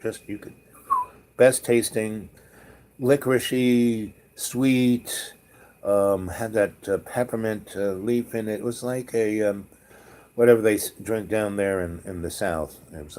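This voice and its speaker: A man casually telling a rambling, animated travel story, acting out the people in it. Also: on the low side. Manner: rambling, animated anecdote with quoted voices.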